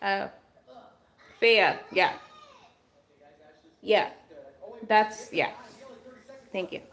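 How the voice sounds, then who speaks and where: Her medium-pitched voice is steady, gravelly, a bit bright, and very slow. She's a livestream host in a casual, chatty mode, speaking to viewers and answering comments as they arrive, and she's losing her voice from talking for so long.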